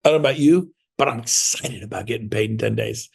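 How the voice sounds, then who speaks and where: A man's voice: medium pitch, quick pace, gravelly, darkish tone, breathy edge. A middle-aged man giving a motivational sales training talk in an emphatic, repetitive, hard-selling way. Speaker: real estate sales trainer.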